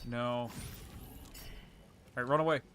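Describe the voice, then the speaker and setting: Bright-voiced, chatty male streamer. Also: medium pitch, steady tone, unhurried, a little hiss or hum. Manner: chatty, playful, laughs often, answers viewer questions. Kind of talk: livestream gameplay commentary and chat replies.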